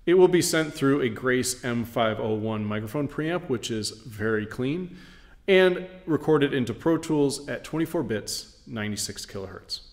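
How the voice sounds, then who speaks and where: A man teaching audio engineering, explaining microphone patterns in a steady, clear way while he walks around the mic in a large recording studio. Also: mid-range voice, normal speed. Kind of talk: studio demonstration lesson. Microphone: studio condenser mic at varying distance. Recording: roomy studio reverb, voice moving off-mic.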